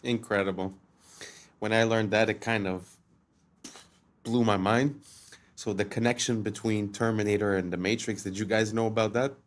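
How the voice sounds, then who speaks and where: A man hosts a casual reaction video in a low voice. He muses hesitantly, restarts his sentences and asks his viewers questions as he thinks aloud. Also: fairly even intonation, normal speed, long pauses. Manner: musing, hesitant, full of restarts and asides to viewers.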